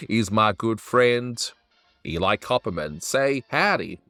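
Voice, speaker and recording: A man's voice: lowish voice, expressive, slow, bright, forceful tone, dry recording, faint music behind. A man hosting a cartoon review, chatting casually with wry asides.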